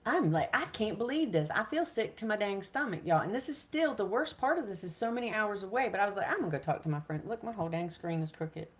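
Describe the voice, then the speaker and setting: A woman's voice: mid-range voice, expressive, fast, few pauses. A middle-aged woman, hosting a casual live stream from her kitchen, chatty and talking herself through her nerves. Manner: nervous, chatty, talks herself through worry. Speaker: homestead vlogger, live stream host. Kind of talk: casual live chat with viewers. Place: home kitchen.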